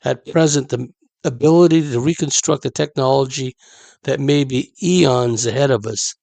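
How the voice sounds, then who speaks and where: A man reading a report aloud in a measured way, breaking off for chatty asides. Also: mid-range voice, vocal fry, a little mellow, dry recording. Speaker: commentator reading a document.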